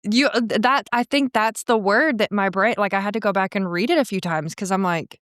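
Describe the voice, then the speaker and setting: A woman's voice: mid-range voice, fairly quick, fairly bright tone, dry recording, clean studio sound. A woman hosting a podcast, chatting supportively and thinking aloud in a casual way. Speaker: podcast host. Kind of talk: casual conversational interview.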